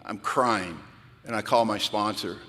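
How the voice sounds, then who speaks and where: A man speaking at a recovery retreat, telling animated, self-mocking stories to a crowd. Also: fairly low pitch, a little slow. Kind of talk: storytelling talk at a retreat. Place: large event hall. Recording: long hall reverb from a large venue.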